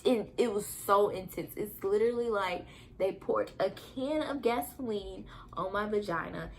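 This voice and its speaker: Young woman, candid vlog storyteller, middle pitch, faint room noise. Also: unhurried, gravelly. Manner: animated, candid, laughs and acts out shouted quotes. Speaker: vlogger. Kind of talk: casual storytelling.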